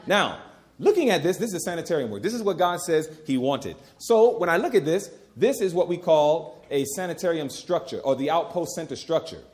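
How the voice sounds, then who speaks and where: A man's voice: on the high side, sing-song, fairly quick, a little mellow. A middle-aged man preaching a sermon, emphatic and folksy, repeating key phrases and talking to the crowd as "y'all".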